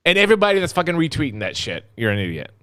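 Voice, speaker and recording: A man ranting on a live stream, cursing freely as he answers viewer comments. His voice jumps all over, from low grumbles to near shouts. The sound is close and dry, with no room around it. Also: wildly swooping pitch, racing, clear, resonant tone, dry recording. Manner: ranting, profane, swings from mumbling to shouting. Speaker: co-host of a live vaping talk stream.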